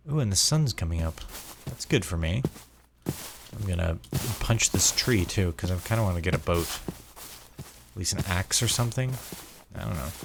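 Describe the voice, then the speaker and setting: Low-ish american guy rambling while he plays, tired, keeps repeating himself, faint background hiss. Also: expressive, moderate pace, creaky, pauses often. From United States. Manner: meandering, repeats words, chatty asides to viewers. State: sleep-deprived. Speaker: gaming vlogger. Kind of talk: rambling casual gameplay chat.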